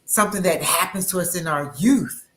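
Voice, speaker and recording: A woman's voice: on the low side, a little fast, slight background noise. A woman hosting an interview, talking in an emphatic, motivational way and often checking in with "right?". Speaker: interview host. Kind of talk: conversational interview.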